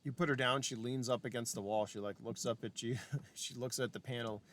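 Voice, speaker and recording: A man's voice: medium pitch, fairly even intonation, a little fast, fairly bright tone, slight background noise. A man narrating as game master of a tabletop game, casual and chatty, swearing often.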